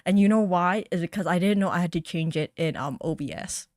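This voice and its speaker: A woman streamer talks in a lowish, animated voice. She mocks herself and laughs often in casual chat. Her desk mic sounds dry and close. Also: fairly quick, no echo.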